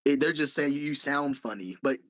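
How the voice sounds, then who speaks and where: A man's voice: medium pitch, brisk, fairly bright tone. A man co-hosting a podcast in casual chat, eager and often stumbling over his restarts. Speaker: podcast co-host.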